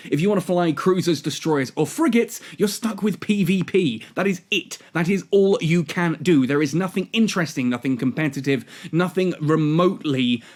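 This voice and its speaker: Exasperated man ranting. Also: a little high. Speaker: gaming channel host. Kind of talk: video game commentary monologue.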